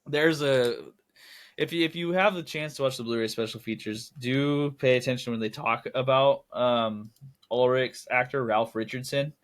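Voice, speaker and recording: A young man co-hosts a casual film podcast, speaking with a medium-pitched voice at normal speed. He rambles, corrects himself, and laughs at his own jokes.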